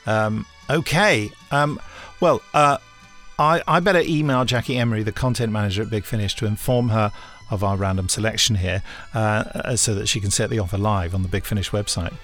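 A man with a lowish voice hosts a casual podcast chat. He rambles fondly and leans on fillers, with faint music underneath. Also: fairly quick, hardly any pauses. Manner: warm-hearted, rambling, fond of fillers. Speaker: podcast host.

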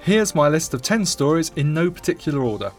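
Male co-host reading emails, slightly high voice, faint music. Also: sing-song, brisk. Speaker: podcast co-host.

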